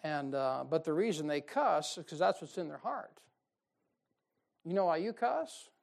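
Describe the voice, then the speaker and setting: A man preaching a folksy, emphatic sermon, with sudden loud bursts and mocking quotes. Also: sits high, moderate pace, vocal fry. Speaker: pastor. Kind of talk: fiery sermon.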